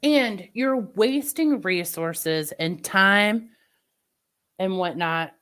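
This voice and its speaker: A woman's voice: mid-range voice, very slow, fairly bright tone. A woman livestreamer in casual chat with her viewers, venting opinions in a chatty way. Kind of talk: casual live-stream chat.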